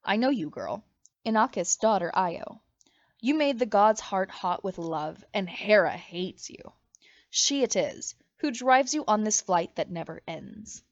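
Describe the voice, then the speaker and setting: A woman reading aloud, voicing a grave, suffering chained male titan in a calm, solemn way. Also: mid-range voice, unhurried, no echo, highs cut off.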